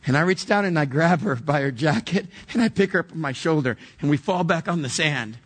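A man's voice: fairly high pitch, lively intonation, a little fast, breathy edge. A man preaching a sermon, telling a personal story vividly and acting out the dialogue before turning to earnest preaching. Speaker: pastor.

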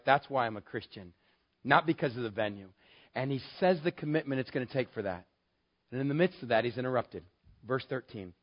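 A male pastor preaching a sermon in an emphatic, conversational way, telling the story with animation. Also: mid-range voice. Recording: dull lo-fi sermon recording.

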